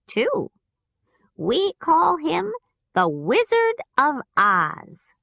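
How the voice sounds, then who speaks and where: A woman reading a gentle good witch. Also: a little high, no room sound, studio quality, heavily acted. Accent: American.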